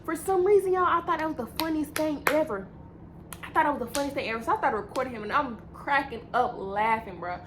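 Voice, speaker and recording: A woman's voice: sits high, expressive, fast, background noise. A young woman telling a rambling, slang-filled story in a casual storytime vlog, often repeating herself. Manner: rambling, repetitive slang-heavy storytelling with laughs.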